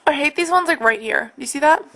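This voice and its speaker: A young woman records a casual update at home, speaking straight to her camera. Her voice sits a little high and rings bright and sharp. She rambles in an exasperated way and fills her sentences with "like". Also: brisk. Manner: rambling and exasperated, many fillers like "like". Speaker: vlogger. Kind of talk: casual personal video update. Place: at home, indoors.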